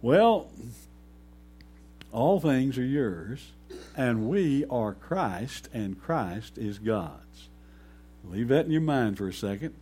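A man preaching a sermon slowly and emphatically, pausing often and rising to sudden loud peaks. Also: mid-range voice, husky. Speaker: pastor.

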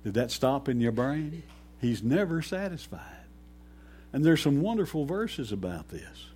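A man preaching a sermon slowly and emphatically, pausing often and rising to sudden loud peaks. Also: medium pitch, sing-song, slight background noise. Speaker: pastor.

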